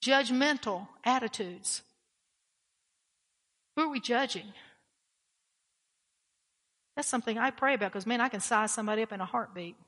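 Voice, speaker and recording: A woman's voice: fairly high pitch, moderate pace, long pauses, fairly bright tone. Emphatic woman preaching in an echoing hall. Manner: blunt, emphatic, repeats key phrases. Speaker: pastor. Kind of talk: sermon.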